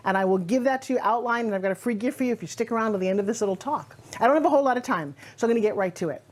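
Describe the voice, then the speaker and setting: A middle-aged woman from Long Island with a New York accent, giving an energetic, emphatic motivational talk in a conversational way. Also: fairly high pitch, very fast. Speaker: motivational speaker.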